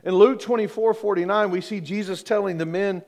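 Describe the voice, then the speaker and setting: A middle-aged man preaching to his congregation in a light, high voice. He keeps it conversational, cracks jokes and keeps asking the room questions. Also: fairly even intonation, brisk, a little mellow. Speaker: pastor. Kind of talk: sermon.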